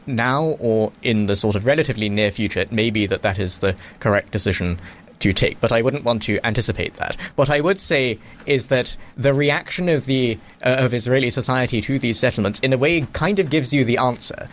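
Fast, measured man. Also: medium pitch, a little hiss or hum. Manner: measured, careful phrasing. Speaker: studio guest. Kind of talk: political discussion. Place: radio studio.

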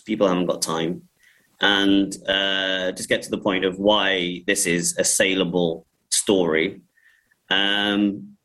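A man's voice: lowish voice, bright, forceful tone, low-quality recording. A man, a film director chatting in an interview, laughing often and restarting his sentences. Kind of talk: casual interview talk.

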